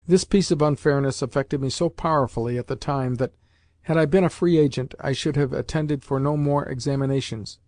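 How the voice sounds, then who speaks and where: A man reading a novel aloud in measured, even scripted narration. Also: medium pitch. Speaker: audiobook narrator.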